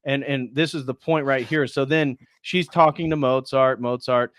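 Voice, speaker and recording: A man's voice: medium pitch, steady tone, moderate pace, a bit bright, no room sound. Man retelling a film, dry close mic. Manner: retells scenes, briefly acting out the characters' lines. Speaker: host. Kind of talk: casual movie review on a live stream.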